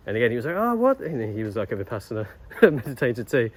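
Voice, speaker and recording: A young male travel vlogger tells a story in a laid-back, rambling style, full of fillers and restarts. His voice sits fairly low with a darkish tone, and he talks fast in this casual vlog.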